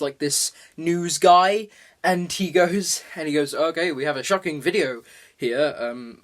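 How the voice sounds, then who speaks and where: A man giving a casual, excitable film review, filling his talk with many "like"s. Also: on the high side.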